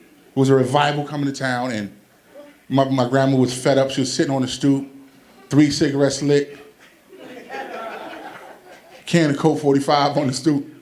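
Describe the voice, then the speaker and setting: A man doing stand-up comedy, telling animated stories and acting out the people in them, on a club stage with a handheld mic. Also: medium pitch, normal speed, pauses often. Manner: animated, acts out quotes with loud shouted punchlines. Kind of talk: stand-up storytelling.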